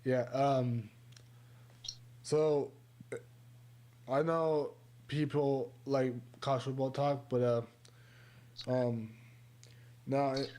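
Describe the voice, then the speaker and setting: A man talks slowly and hesitantly on a call-in show. He fills the gaps with ums, trails off, and runs a little short of breath. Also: mid-range voice, fairly even intonation, dark tone. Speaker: caller. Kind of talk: casual call-in chat.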